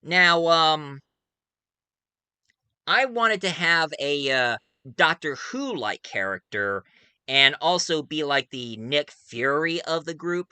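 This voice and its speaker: A man's voice: mid-range voice, sharp tone, smooth, dry recording. A man casually talking about his audio drama project, rambling enthusiastically and often correcting himself. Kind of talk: casual video monologue.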